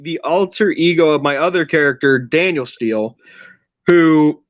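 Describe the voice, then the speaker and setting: A man's voice: fairly high pitch, a bit bright, no room sound, lo-fi sound. A man hosting a podcast, telling a long story in casual chat with a rambling, teasing manner. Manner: rambling, teasing, restarts a lot. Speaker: podcast host.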